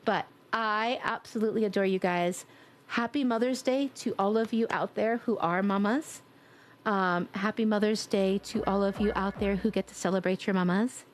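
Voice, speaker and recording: A woman streamer chats affectionately with her viewers as she wraps up. Her voice is mid-pitched and a little congested. A faint hiss of noise sits under the sound. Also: fairly even intonation, moderate pace. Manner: warm, affectionate, blowing kisses. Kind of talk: casual stream sign-off chat.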